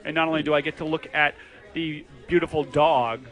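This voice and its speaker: A man's voice: a little high, fairly quick, soft background music. A man in his thirties co-hosting a podcast, chatting casually in a bar and acting out the people in his stories. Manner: animated storyteller, acts out quotes. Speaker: podcast co-host.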